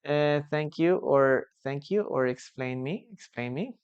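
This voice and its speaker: An English teacher leads a live online lesson, reading student sentences aloud and patiently fixing them, often closing a point with a questioning "no?". Her mid-range voice is expressive, a little mellow and clean in tone, delivered at a measured pace, though the audio sounds dull.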